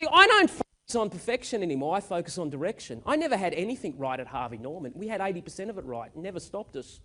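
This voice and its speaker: A man's voice: high voice, wildly swooping pitch, fast, few pauses, pushed and bright. A man giving a motivational keynote speech on stage, telling stories with energy and emphasis. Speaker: keynote speaker. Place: stage at a live event.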